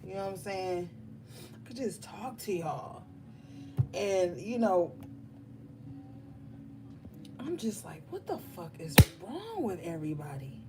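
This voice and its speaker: A woman's voice: on the low side, very animated, takes it slowly, long pauses, heavy background noise. A woman tarot reader chatting casually and bluntly on a livestream, swearing and laughing often. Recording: music playing behind.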